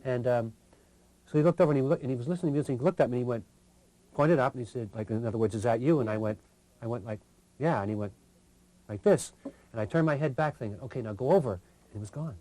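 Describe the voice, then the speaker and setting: Rambling older man with a mellow voice. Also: mid-range voice, no room sound. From Canada. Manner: rambling, halting, self-interrupting. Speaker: guest musician. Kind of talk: casual storytelling.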